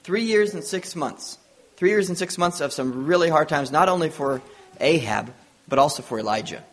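A man's voice: a little high, animated, normal speed, fairly bright tone. A man preaching a sermon, retelling a Bible story with earnest storytelling and acted-out dialogue.

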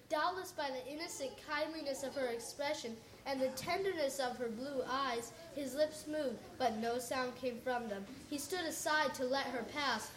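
A woman narrating a storybook in a measured, gentle reading. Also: sits high. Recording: roomy, faint hiss.

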